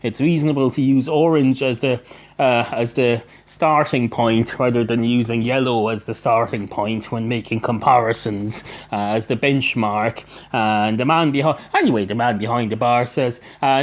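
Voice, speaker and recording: A man's voice: medium pitch, fairly even intonation, moderate pace. A man, a podcast host, rambling through an improvised comic story with many fillers and digressions. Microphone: podcast microphone.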